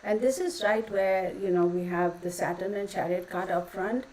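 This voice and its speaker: A woman's voice: mid-range voice, fairly even intonation, moderate pace, a little mellow, rough recording. Blunt woman reading tarot. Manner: blunt, profane, heated. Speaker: tarot reader. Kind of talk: casual tarot reading with opinion rant.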